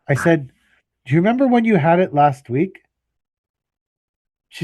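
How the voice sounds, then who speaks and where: A man with a somewhat high but mellow, warm voice tells a long, exasperated story on a casual podcast. He swears freely and acts out both sides of his phone calls. The sound is close and dry, and he comes across as worn out. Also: animated, moderate pace, long pauses, no echo. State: tired. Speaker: podcast co-host, landscaping business owner.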